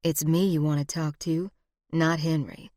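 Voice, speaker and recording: A woman voicing a scheming, flirtatious frontier woman outlaw with a slow, purring, teasing drawl. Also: deep voice, little pitch movement, mellow, no echo, studio quality. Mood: sly.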